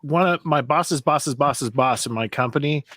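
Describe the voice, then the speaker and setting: A man's voice: medium pitch, normal speed, a bit bright, no room sound. A man chatting bluntly on a drinking stream, swearing casually.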